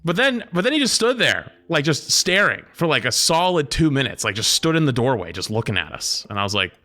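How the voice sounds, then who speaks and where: Lively, animated male streamer. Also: medium pitch, fairly quick. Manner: animated storyteller, mimics other people's voices. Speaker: live streamer. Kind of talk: casual live-stream chat.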